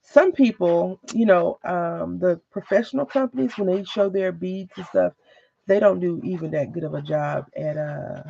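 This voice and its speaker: A woman's voice: lowish voice, vocal fry, dark tone, dry recording, muffled recording. A woman hosting a casual crafting video, chatting with viewers in a rambling way and mimicking others. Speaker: crafting channel host. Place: home craft room.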